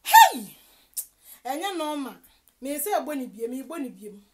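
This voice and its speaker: A Ghanaian woman giving animated gossip commentary, mixing Twi and English with loud exclamations. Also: high voice, fairly quick, noisy background.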